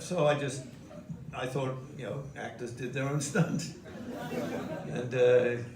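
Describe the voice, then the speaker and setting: A man's voice: medium pitch, vocal fry. An older man, a guest at a live stage interview, telling anecdotes with chuckles. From Australia. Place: museum event hall with audience. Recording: echoey hall from far off, noisy.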